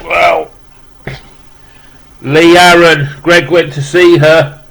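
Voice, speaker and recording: Man, slightly high voice, flat monotone delivery, rambling casual unboxing chat. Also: very slow, vocal fry, rough recording. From West Midlands, England. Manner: rambling, repeating "wow" and restarting with many fillers. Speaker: vlogger opening a parcel of rock music gifts.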